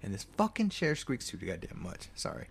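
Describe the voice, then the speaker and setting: A man's voice: mid-range voice, huge pitch swings, normal speed, creaky, slight background noise. A man casually recapping a film plot, rambling, swearing freely and often correcting himself. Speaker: movie reviewer.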